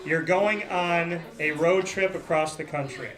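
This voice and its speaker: A man hosting a casual live interview in a restaurant, teasing and telling animated stories. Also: a little high, a little slow. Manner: playful, teasing, animated storytelling. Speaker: host. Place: busy restaurant. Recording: noisy restaurant crowd. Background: crowd chatter.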